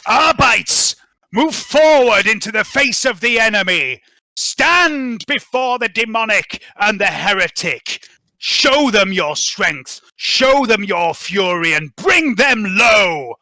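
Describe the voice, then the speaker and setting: A man voicing a commanding male law-enforcer captain who bellows slow, rousing orders to his troops in a tabletop game. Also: high voice, expressive, sharp tone, no echo, voice pushed up, exaggerated voice.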